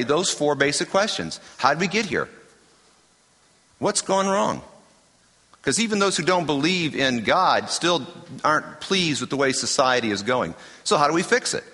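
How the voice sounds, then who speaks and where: A middle-aged male preacher delivers a sermon with a bright, forceful voice. He is emphatic, throws out rhetorical questions and hammers key phrases through repetition. His voice rings out with a long reverb through a church hall. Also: mid-range voice.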